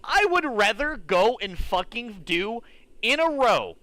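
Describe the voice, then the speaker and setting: A man's voice: high-pitched, big pitch swings, slow pace, pushed and bright, no room sound. A young man streaming a game, ranting with exasperated, profane commentary.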